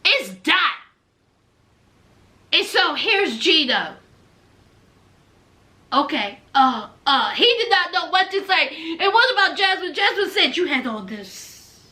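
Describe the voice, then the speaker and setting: Sassy, high-voiced woman recapping reality TV. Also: lively intonation, slow pace, long pauses, sharp tone. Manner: sassy, dramatic, calls viewers honey and y'all. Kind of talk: gossipy recap commentary.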